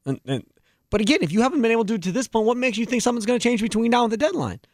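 A man's voice: very high-pitched, rapid-fire, no room sound, clean studio sound. A man hosting postgame sports talk radio, breaking down the box score and ranting about roster moves. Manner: animated, heated rants.

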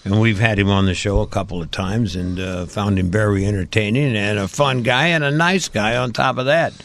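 A man's voice: on the low side, fairly quick, creaky, a bit bright. A man hosting a talk show, introducing a guest and asking easygoing questions. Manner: easygoing, asks chatty questions.

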